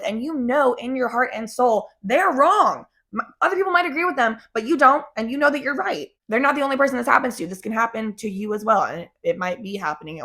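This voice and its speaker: A woman's voice: fairly high pitch, sharp tone. A young woman talking casually to camera in a chatty way, swearing often and filling her talk with "like". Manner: chatty, frequent swearing and fillers. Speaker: vlogger.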